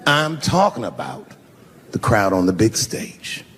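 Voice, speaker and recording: A man performing a profane stand-up routine on a big stage, shouting his punchlines. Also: on the low side, wildly swooping pitch, measured pace, slight background noise. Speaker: stand-up comedian. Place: large live venue with audience. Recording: echoey hall, crowd laughter.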